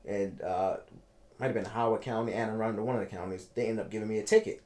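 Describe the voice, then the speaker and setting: A man, telling his own story in a casual interview, animated and repeating himself for emphasis. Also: fairly low pitch, quick pace. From Baltimore, United States. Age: 30s.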